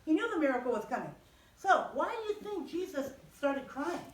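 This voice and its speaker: Storyteller: high, lively woman teaching kids, distant and echoey. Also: moderate pace. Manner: animated, expressive, asks the children questions. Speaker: children's Bible teacher. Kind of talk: storytelling to children.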